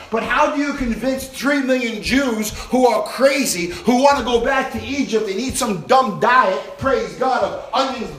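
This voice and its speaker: A man preaching a sermon to a responsive congregation, impassioned and swinging between loud exhortation and hushed intensity. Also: very high-pitched, a little hiss or hum. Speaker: pastor. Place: church sanctuary with congregation. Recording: roomy church reverb.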